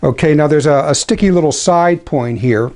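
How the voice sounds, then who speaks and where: A man giving a spoken religious commentary, deliberate and dryly critical, with ironic asides and slow, careful reading of quotations. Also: a little high, a little mellow. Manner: deliberate, slows for quoted passages. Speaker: traditionalist Catholic commentator.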